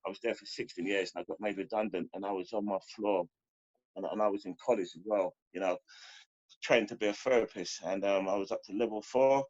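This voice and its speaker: A man's voice: on the low side, fairly even intonation, fairly quick, a little mellow, dry recording, highs cut off. A middle-aged man from London giving a heartfelt, rambling share at a recovery meeting, full of "you know" fillers.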